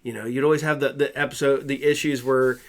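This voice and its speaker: A fast-talking man co-hosts a casual podcast in a mid-range voice with fairly even intonation. His talk is loose and rambling, packed with fillers and restarts.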